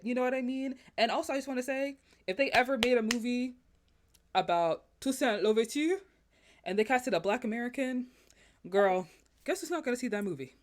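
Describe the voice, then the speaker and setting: A woman's voice: fairly high pitch, brisk. A woman film critic, a guest on a podcast, giving passionate, emphatic opinions in casual chat.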